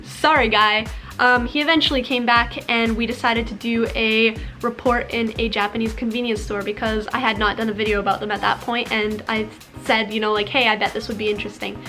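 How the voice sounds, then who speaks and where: A woman's voice: fairly high pitch, level tone, moderate pace, bright, forceful tone, soft background music. A young woman speaking candidly to camera in a casual vlog, with a frank, conversational manner and frequent "like" fillers. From Canada. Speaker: YouTuber.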